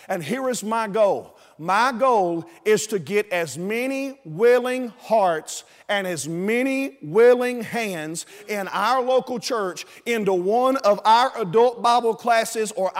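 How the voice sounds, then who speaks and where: High-voiced preacher in a reverberant church. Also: male voice. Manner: emphatic preaching, pleading and rising to shouts. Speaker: pastor. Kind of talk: sermon. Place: church auditorium. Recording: long reverb of a church auditorium.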